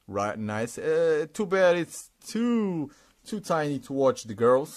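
A man's voice: mid-range voice, a little mellow. Man narrating a sticker unboxing. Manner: halting, repeats words, stumbles over names, chuckles. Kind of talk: casual unboxing commentary.

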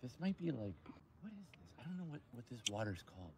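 A man hosting a casual outdoor live stream by a lake, joking and rambling in an animated way. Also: mid-range voice, fast talker, slightly rough.

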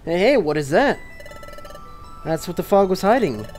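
A gamer voicing a brash, excitable crab creature that keeps repeating "hey, hey.". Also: mid-range voice, moderate pace, soft background music, natural voice. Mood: excited.

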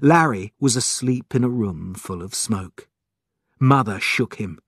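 Guy reading a kids' storybook slow, lots of ups and downs, dry close sound. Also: on the low side, breathy edge, no room sound. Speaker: reader. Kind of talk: storybook narration.

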